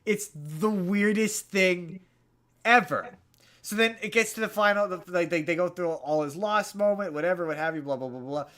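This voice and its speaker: Man, podcast co-host, slightly higher voice, rambling, lots of restarts, casual chat. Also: normal speed. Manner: rambling, animated retelling with many restarts.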